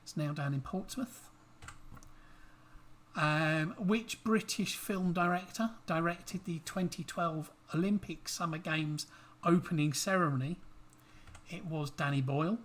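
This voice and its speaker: A man's voice: on the high side, measured pace, fairly bright tone. A man hosting a casual online quiz night, reading questions aloud and teasing his co-host between them. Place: home livestream.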